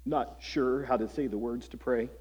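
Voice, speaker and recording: A man's voice: medium pitch, steady tone, moderate pace, a little mellow, breathy edge. A man preaching a sermon as pastor, earnest and conversational, asking his listeners questions. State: voice breaking with emotion at times.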